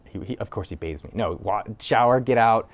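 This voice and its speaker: Host, male, slightly low voice, telling a raw personal story in a casual, rambling way. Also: a little fast. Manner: loose and conversational, with frequent "like" fillers and casual swearing. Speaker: entrepreneur video host. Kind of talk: candid personal storytelling to camera.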